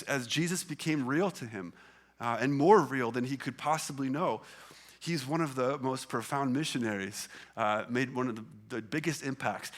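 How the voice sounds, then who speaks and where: Guy pastor giving a chatty sermon, lots of uh and um, average pitch. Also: fairly bright tone. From Canada. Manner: conversational, many fillers and restarts. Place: church hall with congregation.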